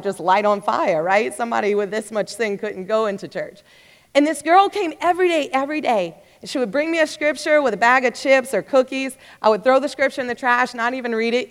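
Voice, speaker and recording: A woman in her thirties giving a personal testimony, telling her story in an animated way and acting out her own past thoughts. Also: a little high. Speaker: speaker sharing her testimony. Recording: long hall reverb.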